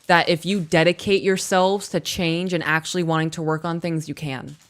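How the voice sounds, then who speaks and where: A woman's voice: lowish voice, level tone, moderate pace. A woman hosting a casual live stream, reading listener emails aloud and reacting bluntly with casual swearing.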